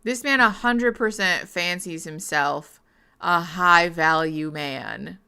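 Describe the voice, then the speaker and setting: A woman's voice: on the low side, slow, gravelly, bright, forceful tone, smooth. A woman streamer giving live reaction commentary on a reality show, ranting with profanity and sarcasm.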